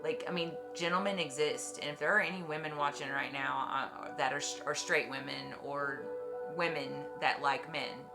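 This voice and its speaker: A woman's voice: low voice, steady tone, moderate pace, gravelly. A woman in her forties talking in a blunt, profane and effusive way in a casual emotional chat on a stream. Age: 40s. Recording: music playing behind.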